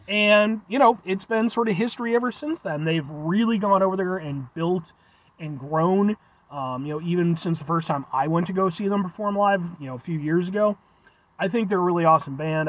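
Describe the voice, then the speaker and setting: A man's voice: on the high side, lo-fi sound. A man with a congested voice, rambling in a chatty casual vlog from inside his truck as a food reviewer.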